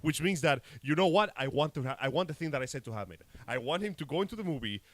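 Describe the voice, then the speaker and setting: A man co-hosting a casual live stream chat, excitable and joking, often laughing and shouting. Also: fairly high pitch, quick pace. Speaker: co-host.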